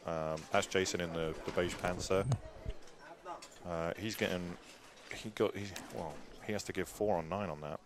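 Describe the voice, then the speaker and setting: A man doing live pool commentary in a chatty way, with dry asides and a habit of trailing off softly. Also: sits low, fairly even intonation, normal speed. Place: pool hall. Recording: live venue with crowd noise. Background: crowd chatter.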